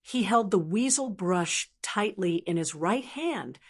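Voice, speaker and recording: A woman narrating a fantasy audiobook in a steady, even storytelling manner. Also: medium pitch, slow, slightly rough. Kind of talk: scripted narration.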